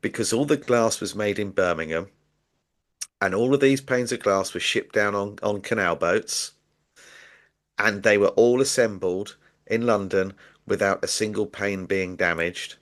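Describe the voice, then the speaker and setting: A man's voice: fairly low pitch, unhurried, a bit bright. A man, a guest author in an interview, explaining his ideas casually with hesitant repeated words.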